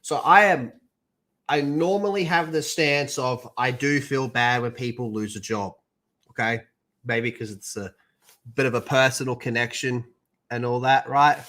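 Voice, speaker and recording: A man's voice: mid-range voice, unhurried, bright, forceful tone. A young man streaming, chatting and ranting in a casual, profane way.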